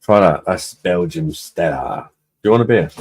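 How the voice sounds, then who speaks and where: A man's voice: low-pitched, animated, moderate pace, darkish tone. A man hosting a live-stream beer review, chatting casually with viewers in a blunt, sweary way and laughing often.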